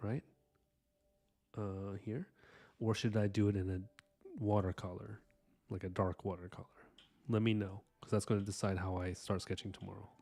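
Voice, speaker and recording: A man with a lowish voice talking through an art live stream in a loose, rambling way. He thanks his viewers earnestly and drifts into soft asides and fillers between thoughts about his drawing. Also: flat delivery, moderate pace, vocal fry, pauses often. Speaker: live-stream artist host. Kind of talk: casual live-stream chat while inking.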